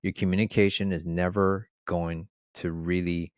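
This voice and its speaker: A man with a low-pitched voice talks earnestly on a podcast, reflecting on his own choices. His voice sounds dry and close, with no room around it. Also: level tone, moderate pace, no echo. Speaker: podcast co-host. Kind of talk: conversational podcast chat.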